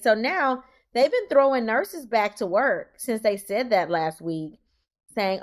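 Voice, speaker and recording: A woman co-hosting a podcast who works in healthcare, explaining things in a plain, emphatic, animated way. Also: on the high side, a little slow. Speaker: podcast co-host, healthcare worker. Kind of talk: casual podcast chat.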